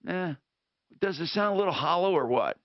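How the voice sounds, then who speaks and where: A man hosting a call-in radio talk show, rambling and thinking out loud with frequent restarts. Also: on the high side, animated, normal speed, background noise. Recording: dull lo-fi radio broadcast.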